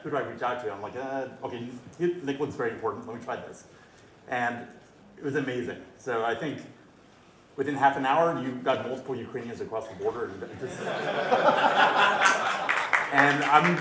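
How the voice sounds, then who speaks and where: A man's voice: mid-range voice, fairly bright tone, slight background noise. A male lawyer giving a conversational conference presentation, telling anecdotes and polling the audience. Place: conference hall. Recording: echoey hall with faint ambience.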